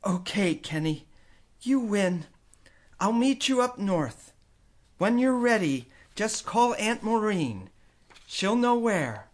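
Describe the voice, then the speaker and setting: A man's voice: sits high, sing-song, slow pace, pitched above the performer's own voice, full character voice. A man reading a storybook voicing a loving mother who is leaving home, tender and pleading.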